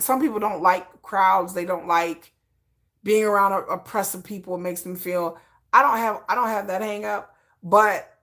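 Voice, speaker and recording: A woman's voice: medium pitch, fairly bright tone. A middle-aged woman from Michigan with a slight Texan tinge, talking frankly in an interview and often repeating herself and restarting. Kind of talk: candid personal talk.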